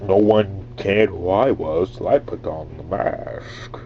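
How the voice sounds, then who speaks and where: A man's voice: low voice, slow, a little hiss or hum. Bane, a man doing a whispery masked villain. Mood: menacing. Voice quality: breathy, whispered, muffled through a clamped nose. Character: menacing masked male villain, cold and threatening.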